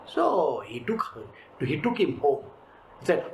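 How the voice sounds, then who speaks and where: A spiritual teacher giving an emphatic scripture lecture, full of rhetorical questions and lively storytelling. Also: medium pitch, unhurried. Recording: roomy echo, faint background hiss.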